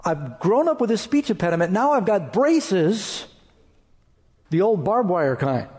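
Pastor, male, slightly high voice, earnest preacher with rhetorical questions, long church-hall reverb. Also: very animated, a little slow, a little mellow. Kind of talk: sermon.

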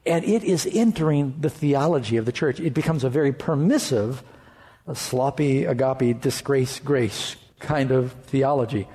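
A man's voice: medium pitch, mellow, big-room sound. A male pastor preaching a sermon, earnest, with rhetorical questions and homely asides.

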